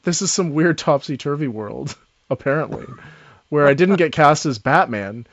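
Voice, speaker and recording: A man's voice: fairly high pitch, animated, normal speed, vocal fry, no room sound, lo-fi sound. A man narrating a tabletop game as dungeon master, loose and chatty with fillers, often laughing.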